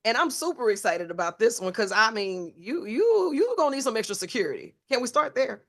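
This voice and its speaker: A woman hosting a casual radio interview, playful and quick to laugh, with Southern slang. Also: fairly high pitch, sing-song. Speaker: radio host.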